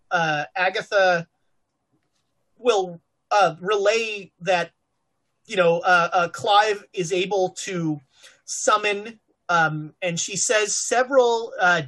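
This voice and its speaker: A woman narrating as game master of a tabletop horror game, pausing often with fillers. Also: mid-range voice, fairly bright tone. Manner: hesitant, many fillers while narrating.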